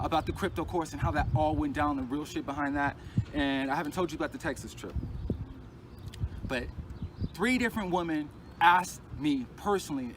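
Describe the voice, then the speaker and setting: A man recounting a painful personal ordeal in a halting, agitated way, restarting and repeating himself as he talks. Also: on the high side, noisy background. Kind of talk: casual personal account.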